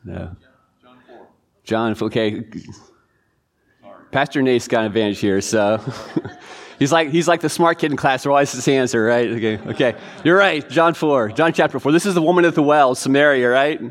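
A man teaching a church Bible class in a relaxed, informal way, reading verses and quizzing listeners. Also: medium pitch, normal speed, long pauses. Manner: informal, chatty, quizzing the audience. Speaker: pastor.

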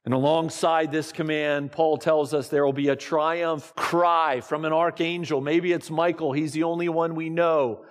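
Male pastor, sermon, unhurried delivery, slightly raised pitch, long hall reverb. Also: little pitch movement. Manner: slow, deliberate preaching with dramatic pauses.

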